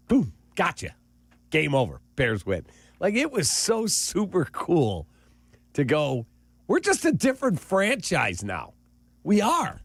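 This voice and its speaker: A man co-hosting a morning sports radio show, telling stories in lively casual talk. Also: on the high side, dry recording. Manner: animated, storytelling with voiced asides. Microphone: studio microphone.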